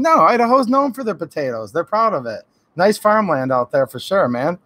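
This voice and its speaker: High-voiced man chatting with viewers. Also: sing-song, a little fast, a bit bright, no echo. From Michigan, USA. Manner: friendly, greets viewers by name, opinionated. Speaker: YouTube channel host. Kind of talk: casual livestream chat reading viewer comments.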